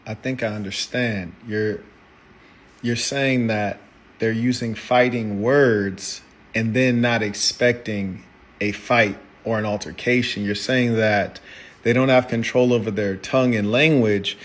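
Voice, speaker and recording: A man in a live debate who speaks formally and in measured, carefully worded sentences. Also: lowish voice, steady tone. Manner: formal, measured, precise wording. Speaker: debate guest.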